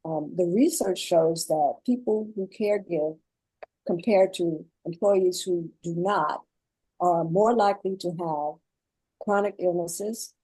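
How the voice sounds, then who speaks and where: Low, warm-toned woman speaking earnestly. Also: slow, no echo, rough recording. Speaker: guest author and caregiver. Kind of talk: panel discussion.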